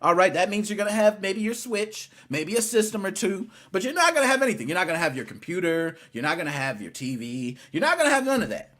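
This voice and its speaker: A man hosting a casual gaming podcast, teasing his guest and talking with animated swings between loud and quiet. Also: high-pitched, fast, hardly any pauses. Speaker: podcast host.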